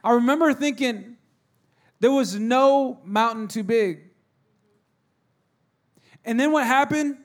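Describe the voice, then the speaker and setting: High-voiced man preaching. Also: slow pace, pauses often. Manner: conversational storytelling with restarts. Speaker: pastor. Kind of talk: sermon.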